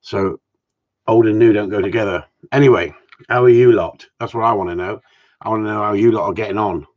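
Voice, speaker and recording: Chatting and joking with his followers on a casual live stream, a man speaks briskly in a lowish, darkish voice with fairly even intonation. He greets viewers by name, and the stream audio is dull and lo-fi.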